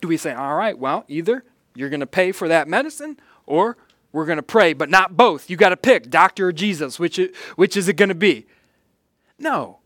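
A man, a pastor, preaching a sermon in an earnest way, his voice rising loud and falling hushed as he reads scripture and speaks to the church. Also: fairly high pitch, lively intonation, a little fast, no echo, clean studio sound.

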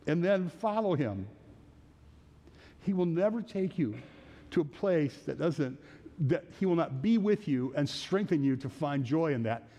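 A man's voice: on the high side, expressive, unhurried, warm tone. Earnest preacher man in a reverberant hall. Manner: earnest, repeats phrases, restarts and chuckles. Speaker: pastor. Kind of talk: sermon teaching through a psalm.

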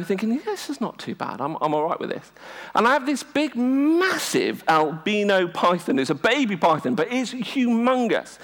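A man in his thirties or forties, preaching a sermon and telling stories with humour and self-deprecating asides. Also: sits high. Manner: lively, humorous, self-deprecating storytelling. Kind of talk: sermon with storytelling. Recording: long reverb of a large hall.

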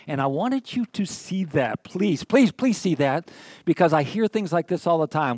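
A man's voice: fairly high pitch, expressive, normal speed, a little mellow, no room sound, clean studio sound. A middle-aged man preaching a sermon, telling stories in a folksy, conversational way and often checking in with his listeners. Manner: conversational, folksy storytelling with frequent "okay?". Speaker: pastor.

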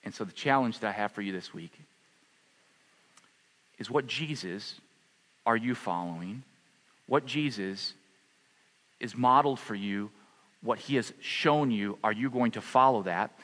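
A man preaching a sermon as pastor, passionate at the peaks and soft and low in prayer. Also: unhurried, pauses often, big-room sound. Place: church hall.

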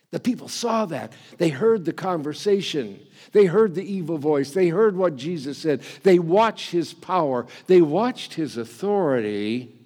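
A man preaching a sermon in a relaxed, conversational way, dropping in "you know" and stumbling over repeated words. His voice sits a little above the usual pitch for a man and swings up and down with animated emphasis. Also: breathy edge.

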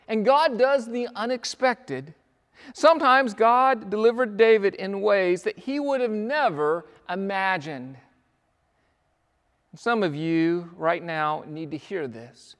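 A man's voice: high voice, takes it slowly, a bit bright, smooth. A male pastor preaching a sermon, telling stories with acted quotes in an earnest, pleading manner. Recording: long hall reverb.

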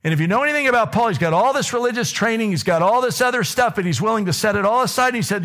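A pastor preaching from the front of a church, his voice pitched a little higher than most men's. He tells his stories with energy, climbing high for emphasis and then sinking to a near whisper. His delivery is lively and conversational. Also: rapid-fire, hardly any pauses. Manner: animated storytelling with wide swings in pitch, dropping to whispers. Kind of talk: sermon. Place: church sanctuary.

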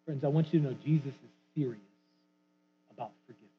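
Preacher, tinny narrow sound. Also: male voice, medium pitch, fairly even intonation, fast, slight background noise. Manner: dramatic, acting out quotes with big swings from loud to hushed. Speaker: guest preacher. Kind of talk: sermon.

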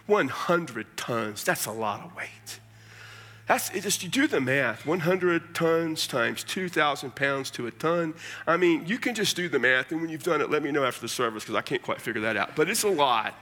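An American man preaching a sermon, explaining scripture in an animated, conversational way with casual asides. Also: a little high, moderate pace. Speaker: pastor.

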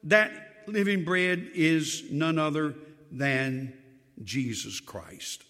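An older man who has been a pastor for many years preaches a sermon very slowly in a big-room sound. He swings from loud, emphatic lines to quiet, low drops, adding joking asides.

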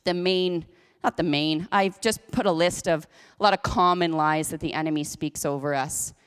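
A woman's voice: low voice, steady tone, normal speed, clean tone. A woman pastor preaching a sermon in a church, conversational and chatty, with self-deprecating asides. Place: church sanctuary. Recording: echoey church hall.

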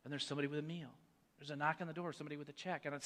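A man in his forties giving an earnest sermon testimony, moving between hushed and emphatic delivery. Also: fairly high pitch, little pitch movement, racing. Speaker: church speaker sharing a testimony. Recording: long reverb of a large hall.

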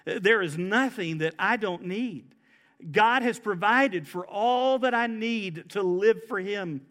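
High-voiced preaching man. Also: takes it slowly, fairly bright tone. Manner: preaching with rising emphasis and quoted scripture. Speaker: pastor. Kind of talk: sermon.

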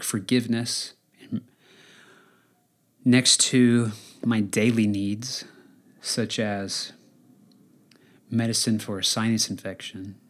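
A male pastor delivering an earnest, conversational sermon, pausing often and restarting his phrases. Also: medium pitch.

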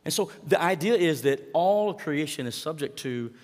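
A man preaching a sermon in a relaxed, conversational way, sometimes acting out lines from the text. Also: a little high, normal speed. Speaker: pastor. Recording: long hall reverb.

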